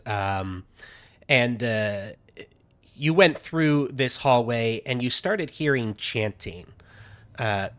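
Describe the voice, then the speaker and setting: A man running a tabletop game as game master, talking in a halting way with many fillers as he narrates scenes to his players. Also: mid-range voice, fairly bright tone. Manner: halting, many fillers while reading out descriptions.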